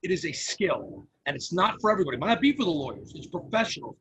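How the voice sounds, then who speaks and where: A man talking animatedly as a podcast guest, often restarting and acting out phone calls. His voice sits fairly high for a man. A faint hiss of background noise runs under the recording. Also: fast talker, rough recording. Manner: energetic, restarts often, acts out caller dialogue. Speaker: podcast guest, phone number company founder. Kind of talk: casual interview talk.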